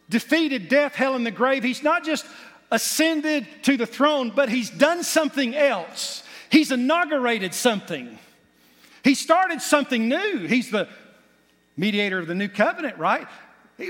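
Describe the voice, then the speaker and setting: A man's voice: very high voice, a bit bright. A man preaching a sermon as pastor, building to emphatic points with folksy asides. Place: church sanctuary. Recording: long hall reverb.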